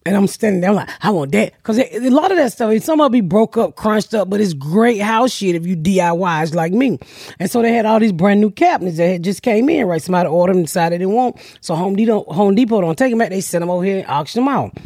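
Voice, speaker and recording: Loud-mouthed lady host spinning crude stories, husky voice, swings up and down a lot, dry close mic. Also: medium pitch, expressive, fast talker, no echo. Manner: brash, profane storytelling with quoted voices. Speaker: podcast host. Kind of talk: casual comedic chat.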